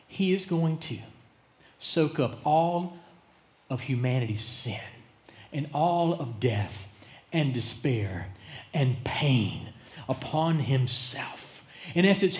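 A male pastor preaching a sermon, dramatic, swinging between loud emphasis and hushed tones. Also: medium pitch. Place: church sanctuary. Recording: echoey church sanctuary.

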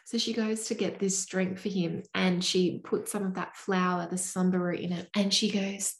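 A woman co-host recapping a book in relaxed, casually profane chat. Her voice is gravelly with vocal fry. The recording sounds roomy and echoey. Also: fairly low pitch, moderate pace, hardly any pauses. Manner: laid-back storytelling, swears casually. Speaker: podcast co-host. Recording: roomy echo.

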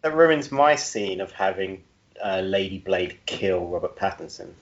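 A man's voice: deep voice, lively intonation, unhurried, dull audio. A man co-hosting a podcast, chatting casually and playfully riffing on ideas. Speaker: podcast co-host. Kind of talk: casual chat.

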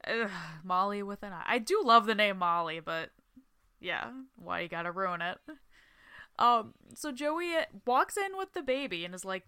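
Bright, smooth-voiced young woman podcaster. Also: medium pitch, expressive, moderate pace, no echo. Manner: chatty, swearing, acts out quotes. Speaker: podcast co-host. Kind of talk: casual recap chat.

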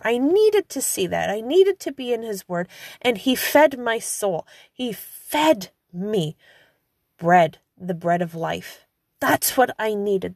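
A woman's voice: medium pitch, lively intonation, normal speed, a little mellow, no echo, studio quality. A middle-aged woman hosting a devotional podcast, speaking earnestly and emotionally, rising at times to fervent preaching. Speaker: podcast host.

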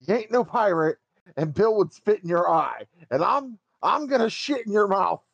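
A man voicing a loud, grouchy man who yells with a high New York accent. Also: expressive, moderate pace, gravelly, no room sound, dull audio, full character voice. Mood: threatening. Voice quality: high and shouty.

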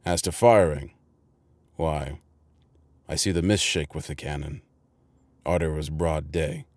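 A man doing a gruff, hunted convict. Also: rumbling low, fairly even intonation, unhurried, darkish tone, no echo. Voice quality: gruff, rough country speech. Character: gruff hunted male convict, suspicious and ravenous.

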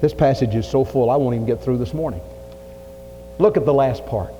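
A man preaching a folksy sermon, his voice swinging from loud to hushed. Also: medium pitch, brisk. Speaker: pastor. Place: church sanctuary. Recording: lo-fi 1980s church tape with long reverb and faint hiss.

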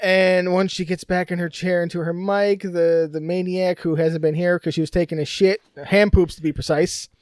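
A man hosts a podcast with a sarcastic, teasing edge and frequent laughter. His voice sits high, and it is recorded dry and close. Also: little pitch movement, normal speed, hardly any pauses, smooth, dry recording. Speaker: podcast host. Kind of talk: casual chat.

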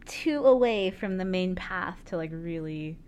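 A woman's voice: on the low side, animated, unhurried, a little mellow, clear, resonant tone. A young woman co-hosting a podcast, chatting casually and swearing offhandedly. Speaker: podcast co-host. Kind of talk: casual chat.

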